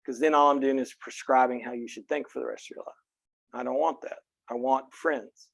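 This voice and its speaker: A man's voice: mid-range voice, fairly even intonation, brisk, gravelly, dry recording. Earnest man lecturing to a classroom. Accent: Texan. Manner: earnest, frank, joking, speaks directly to students. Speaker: college philosophy instructor.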